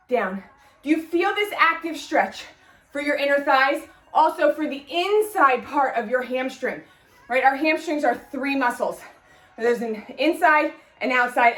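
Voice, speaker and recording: A woman with a high voice coaches a workout at an unhurried pace, cueing form and counting reps. She sounds a little winded. The voice is a bit away from the mic in an echoey room, with faint music underneath. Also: a bit bright, far from the mic. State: out of breath. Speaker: fitness instructor. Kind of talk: guided workout instruction.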